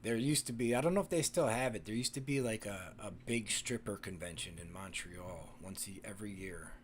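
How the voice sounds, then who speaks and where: Man, live stream host, casual rambling chat, profane, lowish voice. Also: a little fast, slight background noise. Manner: rambling, profane, many fillers and restarts.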